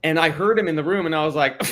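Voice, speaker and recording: An American man telling stories in a casual livestream chat, laughing often and talking with lively energy. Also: on the high side, racing. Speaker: cast member on a livestream.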